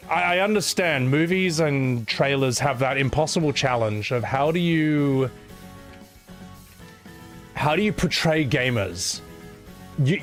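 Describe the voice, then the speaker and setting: A man streaming, chatting casually and animatedly, laughing often and swearing freely. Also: on the high side.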